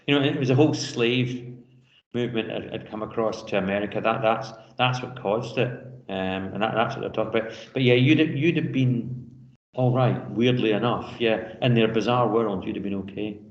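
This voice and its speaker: A man teaching a class, asking students for their views and explaining in a halting way with repeated words. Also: fairly low pitch. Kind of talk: classroom discussion. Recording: roomy classroom sound, dull lo-fi.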